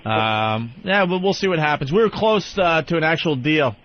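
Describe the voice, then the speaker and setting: A man's voice: on the high side, lively intonation, normal speed. Candid cursing male radio host. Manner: candid, profane, frustrated. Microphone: studio microphone. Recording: muffled radio broadcast.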